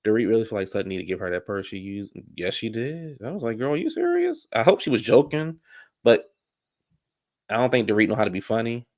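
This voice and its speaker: A man giving a sassy, animated casual recap of a reality TV episode, laughing often. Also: lowish voice, brisk. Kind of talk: casual reaction commentary.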